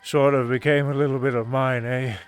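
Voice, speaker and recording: A man's voice: medium pitch, flat delivery, brisk, clean tone, faint music behind, lightly acted. A man playing a chatty role-play craftsman with a put-on British accent, musing in a meandering, hesitant way full of fillers. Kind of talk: live-streamed role-play.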